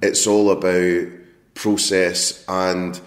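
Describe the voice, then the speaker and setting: A man's voice: sits low, flat delivery, slow pace. A man hosting a food marketing podcast, chatting enthusiastically with plenty of fillers. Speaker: podcast host. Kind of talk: casual podcast interview.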